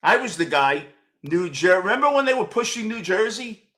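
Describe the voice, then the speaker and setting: Between complaints, a New York man in his sixties answers viewers by name while hosting a fan postgame show. He's blunt, loud and swearing, often breaking into shouts, with a voice that sits high for a man and carries a bright, sharp edge. His intonation is lively and his speed normal.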